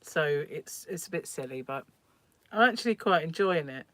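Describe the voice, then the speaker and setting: A woman's voice: low-pitched, lively intonation, moderate pace, dry recording. A middle-aged woman hosting a crochet livestream at home, chatting casually and laughing often as she rambles through viewer comments.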